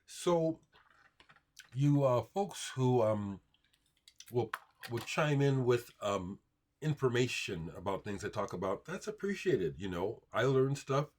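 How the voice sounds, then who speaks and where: A man hosting a casual livestream, rambling about records and answering viewer comments out loud. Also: mid-range voice, lively intonation, slow. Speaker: livestream host showing records.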